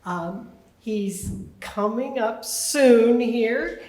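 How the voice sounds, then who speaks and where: Slow-talking woman introducing a speaker. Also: on the high side, darkish tone. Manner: slow, hesitant with fillers. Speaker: event host. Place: church hall. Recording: echoey church hall.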